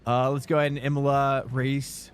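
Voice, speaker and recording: A man's voice: medium pitch, little pitch movement, normal speed. A man streaming sim racing, chatting loosely and rambling as he talks to his viewers. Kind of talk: casual live-stream chat. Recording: streamed over music. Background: background music.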